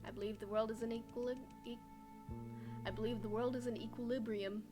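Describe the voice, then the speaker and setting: A woman gives voice to a young man who is earnest and formal in his speech. The voice sits a little high, calm and steady. Game music plays clearly behind it. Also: a little fast, lightly acted.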